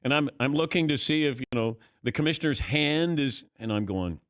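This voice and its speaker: A middle-aged man hosting sports talk radio, telling stories with lively energy and acting out his own past thoughts. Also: medium pitch, a little fast, no echo, clean studio sound.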